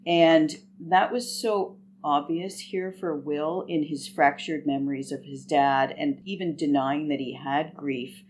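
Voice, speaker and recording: A woman's voice: deep voice, fairly even intonation, measured pace, hardly any pauses, a little mellow, slight background noise. A woman, a guest author on a podcast interview, speaking with thoughtful enthusiasm.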